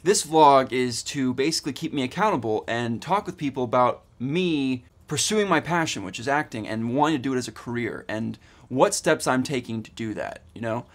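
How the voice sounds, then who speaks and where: A man's voice: mid-range voice, lively intonation, moderate pace, few pauses. Eager, rambling young man vlogging. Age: 20s. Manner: rambling, eager, lots of fillers and restarts. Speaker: student vlogger. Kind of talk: casual vlog.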